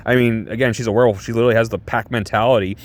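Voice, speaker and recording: An excitable man reviewing a show in a casual vlog. He rambles and swears freely in a middling voice. He often stacks fillers and restarts his sentences. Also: mid-range voice, rapid-fire.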